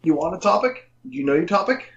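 A man's voice: high voice, animated, fast talker, fairly bright tone. A man from the Boston area co-hosting a podcast, joking around, swearing freely and laughing easily in casual banter. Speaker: podcast co-host. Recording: dull lo-fi sound.

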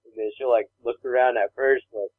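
Male co-host, rambling storyteller, mid pitch, dry narrow phone-quality audio. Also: fairly even intonation, fairly quick, no room sound. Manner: rambling storyteller, acts out voices. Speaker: podcast co-host. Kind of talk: casual chat.

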